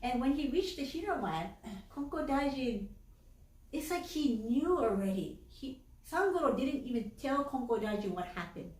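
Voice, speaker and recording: A woman minister telling a story in a chatty, animated sermon in a church. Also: sits high, moderate pace. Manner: animated, chatty, with many fillers. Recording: echoey church from a distance.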